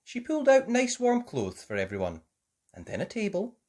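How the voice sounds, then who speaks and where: A woman reading a children's storybook aloud, very expressive. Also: mid-range voice. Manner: very expressive, slow, lilting. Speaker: story reader.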